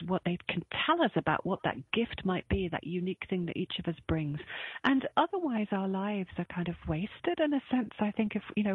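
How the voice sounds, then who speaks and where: A woman's voice: medium pitch, husky, no room sound. A woman author speaking thoughtfully and earnestly as an interview guest over a remote call. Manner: thoughtful, earnest, with soft laughs. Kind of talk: reflective interview answers. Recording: tinny phone-like line.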